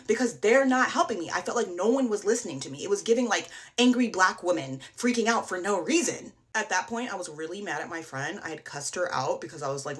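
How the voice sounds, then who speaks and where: A woman casually telling a dating horror story, rambling and animated, peppered with likes. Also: on the low side, fast.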